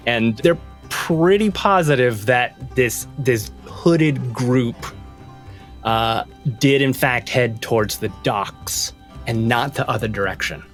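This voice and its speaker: A man narrating a tabletop game as game master, loose and playful, often stopping to correct himself. His pitch sits in the middle for a man. Soft music runs quietly under his voice. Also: takes it slowly. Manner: rambling, self-correcting, playful.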